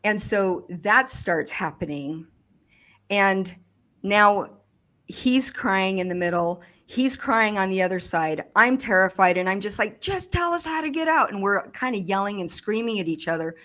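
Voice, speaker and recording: A woman recounting a personal experience in conversation, speaking haltingly with frequent restarts and fillers. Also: medium pitch, a bit bright. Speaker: survivor giving testimony.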